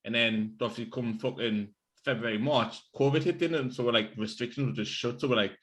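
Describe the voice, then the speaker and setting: A man's voice: mid-range voice, fast talker, fairly bright tone. A man co-hosting a casual podcast over beers, telling rambling stories full of "like" fillers and swearing. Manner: rambling storyteller, swears freely, many "like" fillers. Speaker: podcast co-host.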